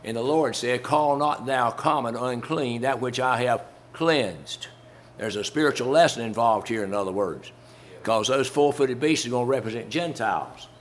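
A man's voice: mid-range voice, a little hiss or hum. A man preaching a sermon in a folksy, conversational way, chuckling as he talks through a Bible story to his congregation.

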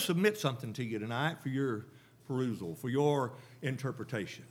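A man's voice: mid-range voice, lively intonation, fairly quick, slightly rough. A man preaching a sermon, emphatic and repetitive, with rhetorical questions to the congregation.

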